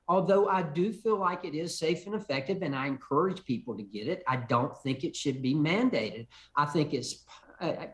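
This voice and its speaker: An older man, a congressman, answering viewer calls on a TV show in an emphatic way, often repeating words as he begins a sentence. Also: a little high. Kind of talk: call-in TV interview answers.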